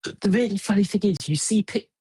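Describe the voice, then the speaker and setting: Caller, middle-aged English man with an Oxfordshire accent, husky voice, stumbles and restarts. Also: high voice, fast, mellow. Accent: Southern English, Oxfordshire. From Southern England. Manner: repeats words, restarts, chuckles often. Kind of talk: casual chat.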